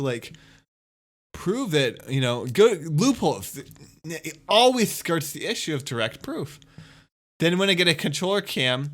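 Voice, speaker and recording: A man's voice: high-pitched, fairly bright tone. A young man ranting casually as a streamer, exasperated and swearing as he rebuts a critic point by point.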